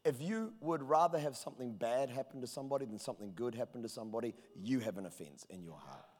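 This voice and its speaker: A man preaching a sermon as pastor, driving points home with emphasis and rising to shouts. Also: mid-range voice, fast talker. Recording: long reverb of a large hall.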